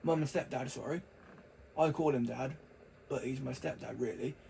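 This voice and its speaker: A man's voice: mid-range voice, moderate pace, creaky, warm tone, a little hiss or hum, rough recording. A young man talking casually to camera, rambling and chatty with frequent restarts. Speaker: vlogger.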